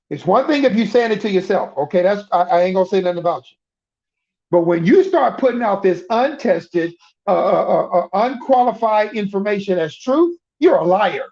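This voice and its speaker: Emphatic middle-aged preacher with a high voice; repeats and restarts in sermon chat, dull lo-fi sound. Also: male voice, darkish tone. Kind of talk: conversational sermon.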